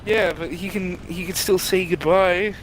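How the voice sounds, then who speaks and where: A man's voice: high-pitched, fairly even intonation, measured pace, rough recording. Crude young man improvising a comic story. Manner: rambling, crude, playful narration. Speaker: podcast co-host.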